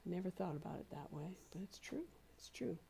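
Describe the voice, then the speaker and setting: A woman minister delivering a sermon in a gentle, encouraging way. Her voice sits a little low and sounds warm and mellow. She repeats phrases slowly for emphasis. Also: lively intonation, vocal fry, breathy edge. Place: spiritual community center.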